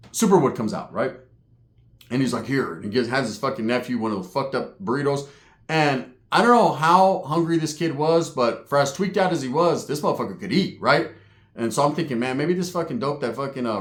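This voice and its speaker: A man's voice: mid-range voice, echoey room. A man telling a comic street story in a casual, profane way, tagging his lines with "right?".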